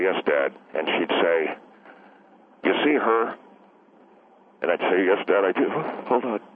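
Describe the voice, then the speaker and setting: A low male voice comes through a tinny phone line with slight background noise. An actor is playing a touchy middle-aged husband phoning a radio comedy show, rambling defensively and repeatedly mixing up "he" and "she."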